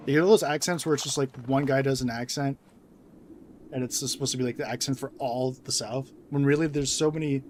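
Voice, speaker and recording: A man's voice: mid-range voice, fairly even intonation, fairly quick, slight background noise. Rambling young man chatting over a game. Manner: rambling, many fillers, laughs often. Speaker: gaming video creator. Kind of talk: casual commentary over gameplay.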